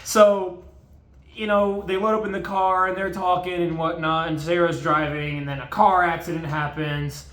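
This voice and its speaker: A man's voice: high voice, steady tone, moderate pace, a bit bright. Rambling, swearing man in an echoey room. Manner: rambling, profane, full of fillers. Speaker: video host. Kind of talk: casual movie recap.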